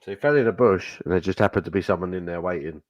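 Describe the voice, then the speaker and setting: A man's voice: low-pitched, fast, dull audio. A man chatting on a beer livestream, cracking jokes and laughing at the others. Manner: laughing, jokey asides. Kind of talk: casual drinking chat.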